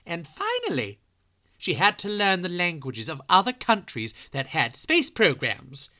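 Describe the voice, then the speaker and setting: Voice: medium pitch, huge pitch swings, a little slow, pushed and bright. A children's podcast host, telling a true story in a playful way and speaking straight to young listeners.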